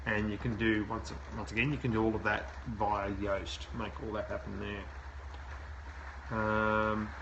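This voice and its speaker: A man's voice: fairly low pitch, little pitch movement, measured pace, lo-fi sound, noisy background. A man hosting a live show, reviewing a website aloud and giving plain, direct advice. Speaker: SEO consultant host. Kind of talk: live website review, talking while browsing.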